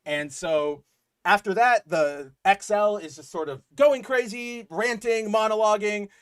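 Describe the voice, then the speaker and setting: Guy co-hosting a comics podcast, kinda high voice, rambly and excited, lots of fillers. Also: a little slow, smooth. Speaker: podcast co-host. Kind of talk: casual comic book chat.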